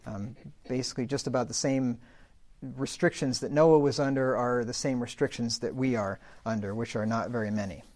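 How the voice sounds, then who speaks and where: A man's voice: mid-range voice, steady tone, normal speed, darkish tone. A man teaching a Bible lesson from the pulpit, in a conversational way with asides and self-corrections. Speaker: pastor. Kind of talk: sermon-style Bible teaching.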